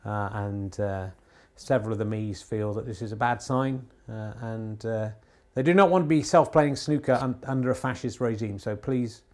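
Brief: male podcast host, dry ironic mock commentator, halting delivery full of "uh"s, home recording. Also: on the low side. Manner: rambling, many filler pauses; deadpan ironic humour. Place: home TV room.

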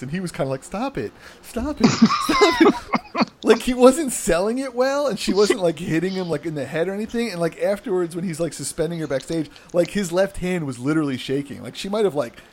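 A young New Jersey man hosts a casual podcast, rambling and laughing. His voice climbs and dips with energy and sits a bit high. A faint hum runs underneath. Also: lively intonation, fast, hardly any pauses, darkish tone. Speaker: podcast host.

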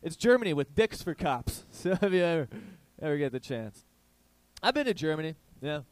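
A man's voice: on the high side, very animated, moderate pace, no echo. A man hosting a comedy show, riffing crudely and rambling as he asks the live crowd questions. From Ireland. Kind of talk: stand-up comedy banter with a live audience.

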